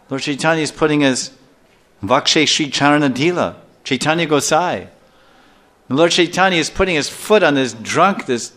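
Older man teaching scripture, animated storyteller. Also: a little high. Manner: animated storyteller who acts out scenes and chuckles often. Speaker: spiritual teacher. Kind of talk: scripture class lecture.

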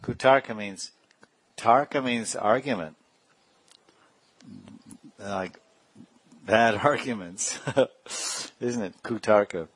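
Man, low pitch, teacher giving a discursive talk with frequent chuckles, dry close mic. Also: slow, pauses often, fairly bright tone, husky, dry recording. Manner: digressive, chuckling often. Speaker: spiritual teacher. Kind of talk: devotional discourse.

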